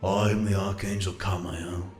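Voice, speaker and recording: A man's voice: sits low, flat delivery, normal speed, darkish tone, echoey room, close to an everyday voice. A man voicing a solemn, courteous male archangel in a video game, speaking in formal, reverent phrasing. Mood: solemn gracious. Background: faint game music.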